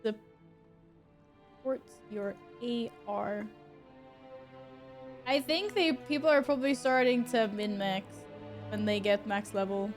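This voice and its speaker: A woman's voice: medium pitch, slow, long pauses, faint music behind. A woman who grew up speaking Swedish, streaming a game and chatting casually with her viewers, humming to herself between remarks. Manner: chatty, talks to chat while playing, hums to herself. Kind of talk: casual gameplay chat.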